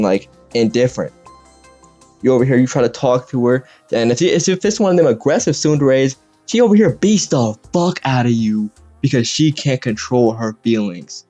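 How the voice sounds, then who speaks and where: A man's voice: medium pitch, mellow, no echo. A young man in a crude, exaggerated comedic rant, swearing often and jumping between voices. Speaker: content creator. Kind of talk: comedic rant over gameplay. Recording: dull lo-fi mic with faint music. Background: faint background music.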